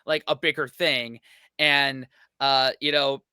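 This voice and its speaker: American man, casual reaction chat, bright clear voice, dry close sound. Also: medium pitch, flat delivery, slow pace, no room sound. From United States. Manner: rambling, hesitant, joking. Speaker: reaction channel host.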